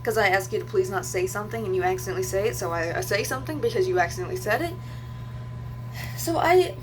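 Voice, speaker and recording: A young woman talks straight to her audience in a loose, rambling rant, often backtracking and restarting. Her voice sits at an ordinary middle pitch, with a faint hum running underneath. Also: quick pace. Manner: venting, rambling with restarts and fillers. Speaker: vlogger. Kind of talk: casual storytelling rant to camera.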